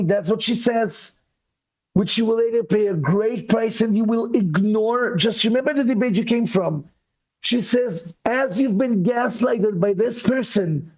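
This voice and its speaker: A high-voiced man calling in to a live show, talking in a rambling, animated way and breaking off into quick apologies. His voice sounds worn from yelling, and the call audio comes through dull and lo-fi. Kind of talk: casual debate chat.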